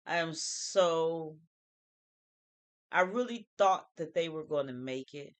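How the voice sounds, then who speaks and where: A woman with a low voice and lively intonation speaks slowly, hosting a casual vlog reviewing reality TV. She's emphatic, repeats phrases, and uses plenty of slang.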